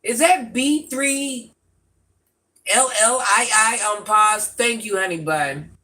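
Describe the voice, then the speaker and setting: A woman's voice: a little high, takes it slowly, sharp tone. A woman in her forties hosting a live stream, affectionately repeating herself and calling herself Granny as she chats with viewers. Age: 40s. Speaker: livestream host.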